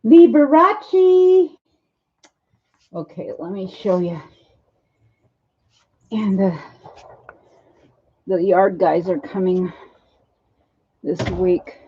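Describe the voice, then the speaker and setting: A woman's voice: fairly low pitch, fairly even intonation, drawn-out words, long pauses, a little hiss or hum. An older woman vlogging in a casual, rambling way from her home and yard, laughing easily as she chats. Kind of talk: casual chat. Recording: dull lo-fi phone audio.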